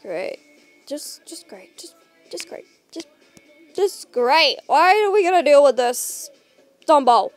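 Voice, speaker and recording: A woman's voice: high-pitched, very animated, takes it slowly, no room sound, faint music behind, exaggerated voice. A woman voicing a snarky, sarcastic male rabbit prankster in a fan audio role-play, mocking and swearing casually.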